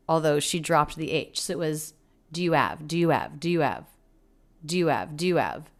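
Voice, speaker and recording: A woman teaching English pronunciation, breaking down phrases and repeating words slowly to model their sounds. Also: fairly low pitch. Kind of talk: pronunciation lesson.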